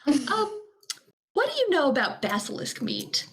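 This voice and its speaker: A woman's voice: high voice, huge pitch swings, measured pace, a bit bright, slight background noise. A woman playing a tabletop game, talking hesitantly with many fillers.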